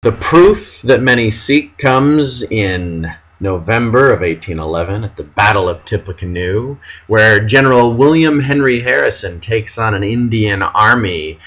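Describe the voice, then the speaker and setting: A man teaching a history lesson, dramatic and animated, reading out period quotes with mock outrage. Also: lowish voice, measured pace, rough recording. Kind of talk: classroom history lecture.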